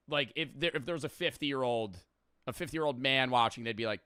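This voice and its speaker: A young man hosting a video, giving casual, animated reaction commentary. He swears and laughs as he talks. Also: mid-range voice, fairly quick, clear, resonant tone, dry recording, clean studio sound. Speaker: YouTube host.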